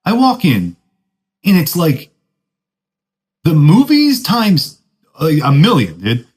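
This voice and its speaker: A man's voice: fairly high pitch, huge pitch swings, slow pace, low-quality recording. A young man hosting a podcast, telling casual, self-mocking stories in laid-back surfer slang. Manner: laid-back surfer talk, says dude a lot; self-deprecating, laughs at his own stories. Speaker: podcast host. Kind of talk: casual storytelling monologue.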